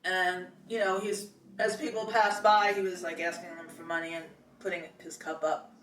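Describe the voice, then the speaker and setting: A woman's voice: lowish voice, little pitch movement, normal speed, a bit bright, distant mic, slight background noise. Chatty New woman telling a story. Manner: chatty, meandering, many fillers and restarts. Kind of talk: casual personal storytelling. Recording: echoey room, voice set back from the mic.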